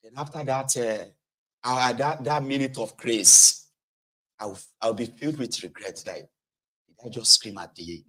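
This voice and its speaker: Nigerian man, vlog commentator, mid-pitched, animated storyteller, loud then muttering. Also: measured pace. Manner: animated storytelling, swings from shouting to low muttering; mixes in pidgin and Yoruba words. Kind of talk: casual commentary monologue.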